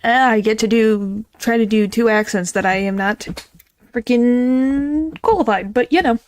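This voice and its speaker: A woman's voice: a little high, measured pace, no room sound. A woman streaming a game, chatting casually and playfully to her viewers. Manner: chatty, playful, talks to herself. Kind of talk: casual chat.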